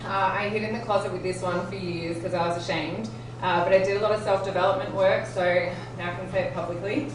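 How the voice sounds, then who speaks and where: A woman's voice: mid-range voice, fairly even intonation, fast talker, background noise. A woman in her thirties with an Australian accent, performing a stand-up comedy set with self-deprecating, giggly storytelling. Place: comedy club stage with live audience. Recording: echoey room, distant mic, loud ambience.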